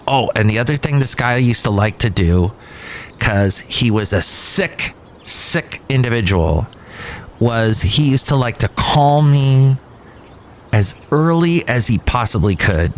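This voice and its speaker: Recorded with a little hiss or hum, a fifties-aged man hosts a podcast in a cafe. His mid-range voice carries a loose, conversational chat that keeps backing up and beginning again.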